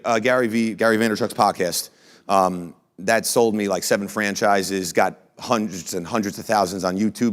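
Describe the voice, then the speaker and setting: A man, a company founder, telling blunt, energetic motivational stories to a live audience and swearing casually. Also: on the low side. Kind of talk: motivational storytelling talk.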